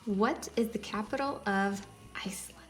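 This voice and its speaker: An actress playing a sensible, dry-witted wife in a horror comedy film, calm and matter-of-fact. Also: female voice, mid-range voice, normal speed, very noisy, lightly acted. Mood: wry.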